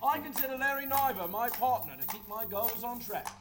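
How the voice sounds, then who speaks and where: In a stage-acted radio play with music underneath, an actor plays a cheerful, boastful Cockney comedian turned carriage driver who shows off his carriage. His mid-range voice is expressive and fairly quick, lightly acted, with jovial, hearty chuckling.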